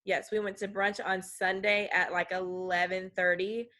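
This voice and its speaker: A woman's voice: medium pitch, little pitch movement, normal speed, sharp tone. A woman talking as a podcast guest in a casual conversation, emphatic and outspoken, laughing now and then. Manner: vocal, emphatic, laughs easily.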